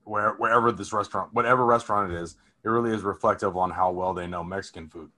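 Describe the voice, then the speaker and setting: A man's voice: lowish voice, steady tone, fast, bright, forceful tone. A man co-hosting a podcast, telling loose stories in casual chat and swearing freely. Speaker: podcast co-host.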